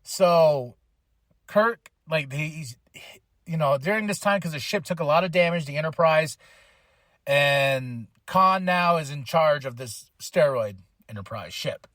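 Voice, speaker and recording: Unhurried and a bit bright, a man's fairly high voice with lively intonation carries a casual podcast recap of a movie. As host he rambles through the plot with slang and fillers, in a clean studio recording free of room sound.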